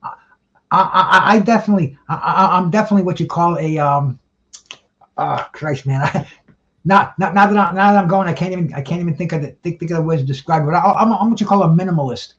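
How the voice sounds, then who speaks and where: A man's voice: sits high, fast, a bit bright, muffled recording. A man on a discussion panel talking casually and bluntly, with frequent stammered restarts.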